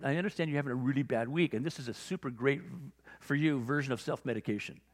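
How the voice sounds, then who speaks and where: A man preaching a sermon as pastor, telling stories and acting out both sides of conversations with lively energy. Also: mid-range voice. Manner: animated storytelling, acting out conversations. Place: church sanctuary. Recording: long hall reverb.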